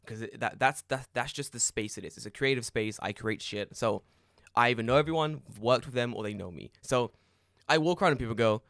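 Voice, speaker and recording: Animated man chatting on a podcast. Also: medium pitch, a little fast, creaky, dry recording, studio quality. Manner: animated storyteller, swears, laughs a lot. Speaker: podcast co-host. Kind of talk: casual chat.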